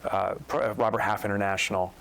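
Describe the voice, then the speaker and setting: This man's voice is fairly low and quick as he tells a story in a podcast interview, where he's the guest, an author and business coach. He's an animated storyteller who voices his quotes and jumps up sharply in pitch when incredulous. The audio is poor.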